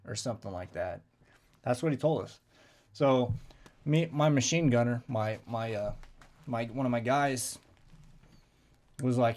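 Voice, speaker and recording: A man's voice: medium pitch, moderate pace, long pauses, darkish tone. A man telling a casual, profane story and acting out the exchanges he quotes. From United States. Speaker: veteran storyteller.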